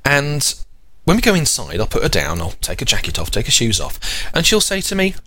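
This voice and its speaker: A man's voice: medium pitch, huge pitch swings, brisk, sharp tone, a little hiss or hum. A man in his thirties hosting a podcast, rambling chattily and correcting himself along the way. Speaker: podcast host. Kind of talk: casual chat.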